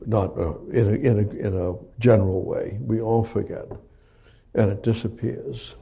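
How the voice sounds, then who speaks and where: A man preaching a sermon, reading Bible verses and explaining them slowly, repeating phrases and restarting words, rising for emphasis. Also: on the low side, steady tone, gravelly, dark tone, slightly rough.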